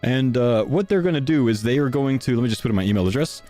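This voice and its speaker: A man's voice: medium pitch, animated, quick pace, dark tone, faint music behind. A young man live-streaming a sponsor read, out of breath and chatting casually to his viewers. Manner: casual, chatty, talks to chat.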